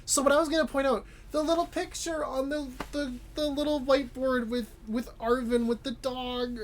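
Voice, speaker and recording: A man's voice: very high voice, little pitch movement, normal speed, hardly any pauses, slight background noise. A male streamer giving casual, rambling let's-play commentary while reading game dialogue. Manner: chatty, rambling, self-correcting.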